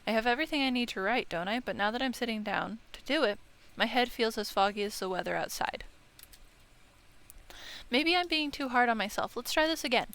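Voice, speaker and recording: A woman's voice: on the high side, expressive, a little fast, fairly bright tone. A woman playing a visual novel, reading the narration aloud with casual remarks, stumbling and correcting herself. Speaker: let's-play streamer. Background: game music.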